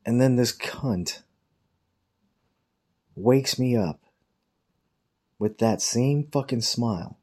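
A man's voice: mid-range voice, takes it slowly, pauses often, mellow. A man telling a rambling, profane workplace story in a casual way, quoting his coworkers in mocking voices. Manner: profane, rambling anecdote with quoted dialogue.

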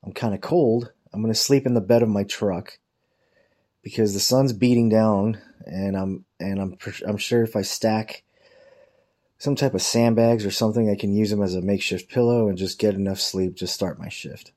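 At a moderate pace and in a steady tone, a lowish, warm-voiced man casually recounts a profane, wandering story about his job. He mocks his coworkers by quoting them in silly voices.

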